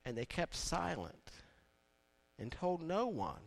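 A man preaching a sermon in a conversational way, building now and then to loud, emphatic peaks. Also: fairly high pitch, big pitch swings, slow pace, gravelly. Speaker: pastor.

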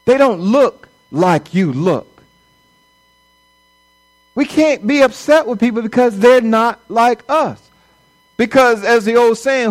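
High-voiced man preaching a sermon. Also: lively intonation, slow, long pauses, rough recording. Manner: conversational preaching, acts out quoted voices. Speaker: pastor.

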